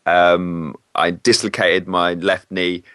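A man speaks in a fairly low voice in a relaxed interview. He is candid and often halting as he corrects himself mid-sentence. The sound is dry and close. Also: clear, resonant tone, dry recording. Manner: candid, hesitant, self-correcting. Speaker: guest, former PE teacher. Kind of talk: casual interview.

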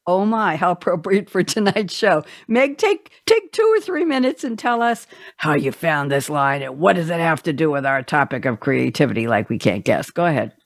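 A woman's voice: sits low, sing-song, moderate pace, dry recording, studio quality. A woman hosting a radio talk show, chatty and digressive as she introduces her guests.

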